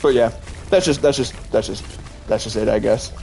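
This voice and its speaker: Male streamer, casual gaming chat, rambling and laugh-prone, mid-pitched voice, faint music underneath. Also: normal speed, gravelly, darkish tone. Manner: rambling and chatty, full of "like", often laughing. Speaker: Twitch streamer.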